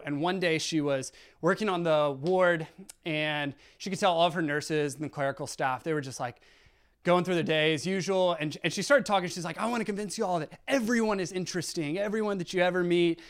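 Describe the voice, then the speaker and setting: A man telling a story to an audience in a lively way, acting out the dialogue with shifting voices. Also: a little high. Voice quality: smooth, clear voice. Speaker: guest speaker. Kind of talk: storytelling talk.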